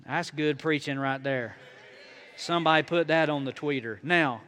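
Bright, high-voiced male preacher. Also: normal speed. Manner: conversational preaching with sudden rises and quiet drops; folksy, playful asides to the congregation. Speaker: pastor. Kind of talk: sermon. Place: church in front of a congregation.

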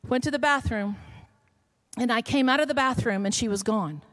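A woman's voice: a little high, normal speed, a bit bright. A middle-aged woman pastor, telling a story in a sermon that builds to emphatic calls.

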